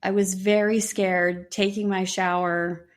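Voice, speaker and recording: Woman telling a ghost story, lively. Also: mid-range voice, measured pace. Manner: animated storyteller acting out quoted voices. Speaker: podcast co-host. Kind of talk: casual storytelling.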